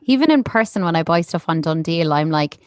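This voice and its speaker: A young Irish woman co-hosting a marketing podcast, chatting casually with many fillers and quick laughs. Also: low voice, animated, no echo, clean studio sound. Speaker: podcast co-host. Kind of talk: casual chat. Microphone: podcast mic.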